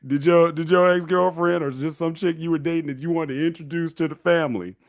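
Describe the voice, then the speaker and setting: A man hosting a casual advice monologue, talking in an animated way and mocking the people he quotes. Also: on the high side, a little fast. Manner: animated, acts out quoted parents in mocking voices. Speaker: host giving men's advice.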